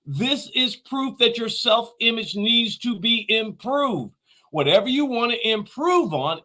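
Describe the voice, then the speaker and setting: High-voiced man giving an emphatic motivational talk. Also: a bit bright. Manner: emphatic, repeats key phrases. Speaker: motivational speaker.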